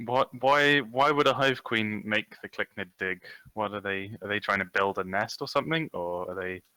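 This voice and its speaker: A man's voice: on the low side, moderate pace, bright, forceful tone, clear, resonant tone, no room sound, poor audio. A man playing a tabletop game, speaking casually with hesitant restarts. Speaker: player.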